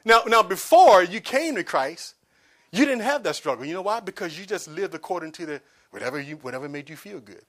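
Pastor in his 40s, high voice, preaches with lots of repetition and call-and-response. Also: gravelly, fairly bright tone. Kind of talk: sermon.

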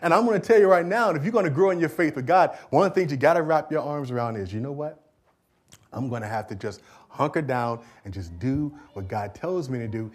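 In a church, a middle-aged male pastor delivers a sermon, his mid-range voice moving between quiet asides and loud, emphatic declarations.

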